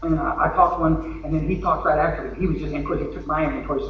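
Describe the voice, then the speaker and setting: A convention speaker with a Texas accent races through a recovery talk, hardly pausing, keeping it folksy and jokey with acted-out asides. His high-side voice holds a steady tone; the lo-fi, distant recording of the large, echoey hall carries a little hiss or hum.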